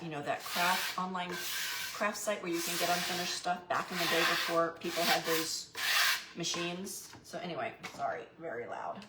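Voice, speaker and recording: A middle-aged woman, chatting casually as host of a craft livestream and greeting viewers by name. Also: fairly low pitch. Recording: echoey room with faint noise.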